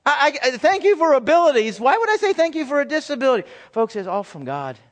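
Male pastor, high-pitched, conversational and lively, in a church with long reverb. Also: quick pace. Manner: conversational, animated, acts out quoted voices. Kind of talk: sermon.

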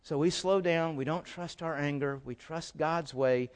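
A middle-aged man preaching a sermon, swinging from loud, emphatic outbursts to quiet, low asides and often repeating words as he stresses a point. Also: unhurried, smooth. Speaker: pastor.

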